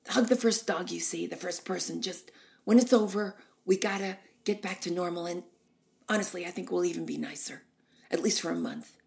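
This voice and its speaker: Gravelly-voiced woman with a chatty comic monologue. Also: fairly low pitch, normal speed, darkish tone. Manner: chatty, emphatic, rambling. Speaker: host.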